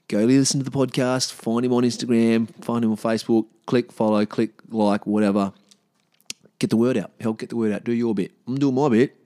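A man's voice: lowish voice, a little fast, dark tone, dry recording, studio quality. A man hosting his own podcast, talking casually and bluntly with plenty of swearing. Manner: blunt, swears freely, rambling. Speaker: podcast host. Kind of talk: casual solo podcast outro.

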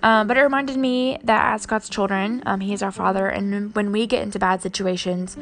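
A young woman and mother talking casually and earnestly to her viewers, with lots of ums. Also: mid-range voice. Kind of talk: casual faith vlog chat.

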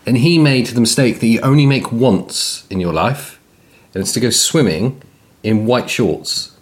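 A man's voice: mid-range voice, measured pace. A man co-hosting a podcast, telling stories in casual banter and laughing often. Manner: jokey, laughs often, lively storytelling. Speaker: podcast co-host.

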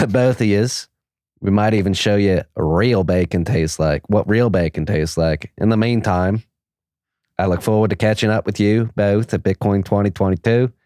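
A man's voice: low voice, a little mellow, no room sound, clean studio sound, close to an everyday voice. A man reading a fan letter as a hearty Australian, with a put-on Australian accent that slips toward Scottish and a Southern drawl, laughing through the slang. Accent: put-on Australian, slipping toward Scottish and Southern drawl.

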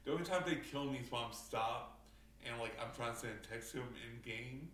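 A man's voice: medium pitch, brisk, fairly bright tone, a little hiss or hum. Man swearing through a gaming story. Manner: profane, storytelling, frequent fillers. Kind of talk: casual gaming chat. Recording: roomy, distant mic, faint ambience.

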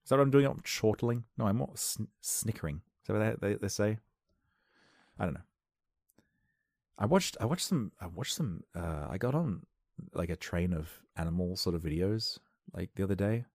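A man doing a rambling comic monologue into a close microphone, wry and self-interrupting, with sudden loud outbursts. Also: fairly low pitch, normal speed, no room sound. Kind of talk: comedic podcast monologue. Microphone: close studio microphone.

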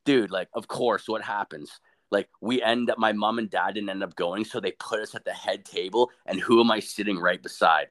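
A man's voice: fairly low pitch, normal speed. A young man telling a crude story in casual chat, swearing constantly and acting out what people said. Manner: profane, animated, quotes people in funny voices.

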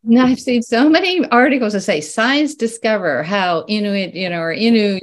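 An older woman talking as an interview guest, in a lively, casual way, laughing often and restarting her sentences. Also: mid-range voice, moderate pace. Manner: animated, laughs often, many restarts and fillers. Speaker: guest, researcher.

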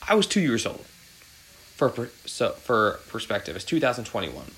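A man's voice: mid-range voice, huge pitch swings, moderate pace, a bit bright, a little hiss or hum, low-quality recording. A man in his thirties hosting a podcast, chatting casually and rambling with many fillers. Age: 30s. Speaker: podcast host.

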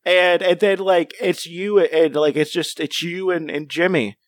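Bright-voiced rambling young man, dry mic. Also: high voice, fairly even intonation, a little slow, no room sound. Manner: rambling, playful storyteller who spins odd hypotheticals. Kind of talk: casual podcast chat.

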